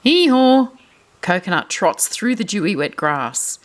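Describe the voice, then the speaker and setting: Lively woman reading a picture book aloud. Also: low voice, normal speed. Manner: animated, asks the listening children questions. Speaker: storyteller reading to children.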